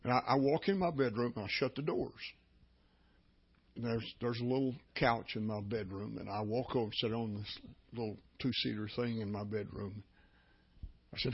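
A man's voice: mid-range voice, normal speed, husky. An older man, a pastor preaching a sermon through folksy, repetitive storytelling. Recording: dull lo-fi recording.

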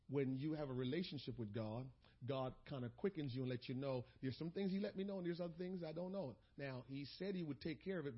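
A male pastor preaching a sermon, moving between loud exhortation and quiet storytelling. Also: on the high side, slightly rough, muffled recording.

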